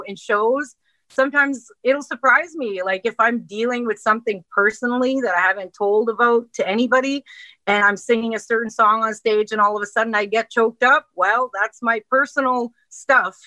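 A middle-aged woman, a singer talking on a radio show. Her voice is bright and forward, and the sound is close and dry. She talks earnestly, circling back with restarts and fillers. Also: medium pitch, no room sound, rough recording. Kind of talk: casual interview talk.

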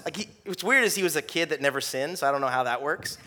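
A man's voice: a little high, expressive, fast talker, hardly any pauses, bright, forceful tone. A young adult man preaching a sermon in a casual, conversational way, with lots of fillers. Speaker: pastor.

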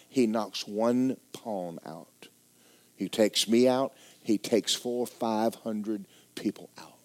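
A middle-aged pastor with a medium-pitched voice preaches a folksy, joking sermon in a church. He swings between loud exhortation and quiet asides.

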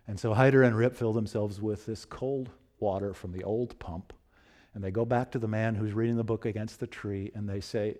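A man preaching a sermon, retelling a story and acting out its dialogue, then closing slowly and solemnly with a poem and a blessing. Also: lowish voice, fairly even intonation, darkish tone. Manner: slow and solemn when quoting poetry and blessing.

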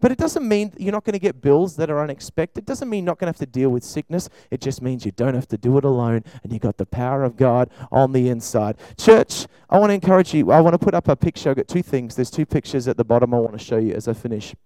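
A man preaching and praying in a church service, fervent, swinging between loud cries and quiet talk. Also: medium pitch, lively intonation, fast talker, few pauses, no room sound, low-quality recording. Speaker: pastor. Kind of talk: sermon with prayer.

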